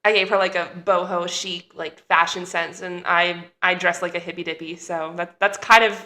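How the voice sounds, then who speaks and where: A woman's voice: fairly low pitch, flat delivery, normal speed, pushed and bright. A woman actor chatting in a casual interview, bubbly and full of fillers. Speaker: actor guest.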